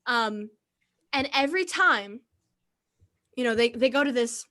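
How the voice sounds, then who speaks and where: A woman with a high, bright voice chats casually and recounts a story with animation. She swears freely along the way. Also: animated, unhurried. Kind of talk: casual chat.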